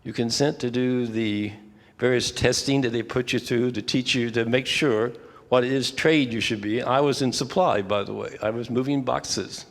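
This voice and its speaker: An older man leading a church prayer workshop, talking in a relaxed, conversational way with frequent asides and restarts. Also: mid-range voice, normal speed, big-room sound. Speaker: workshop leader. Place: church fellowship hall.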